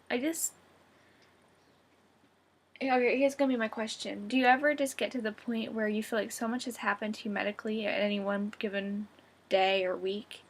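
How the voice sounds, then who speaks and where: A young woman vlogging from bed in a casual video diary, groggy and drowsy, rambling in a soft, chatty, giggly way. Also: fairly high pitch. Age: young adult. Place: at home, sitting up in bed.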